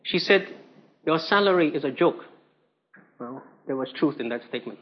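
A man's voice: on the high side, expressive, moderate pace, dull audio, a little hiss or hum. A man preaching a sermon, telling a story emphatically and asking rhetorical questions.

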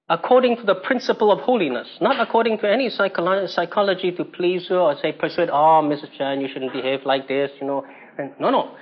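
A man's voice: sits high, breathy edge, lo-fi sound. A man preaching a sermon, telling a story emphatically and asking rhetorical questions.

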